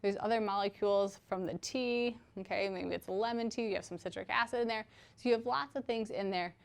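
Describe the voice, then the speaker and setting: A woman's voice: medium pitch, fairly quick, creaky. A woman teaching a recorded chemistry lecture, explaining patiently with everyday examples and checking in with "okay?" as she goes. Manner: conversational, frequent "okay?" check-ins.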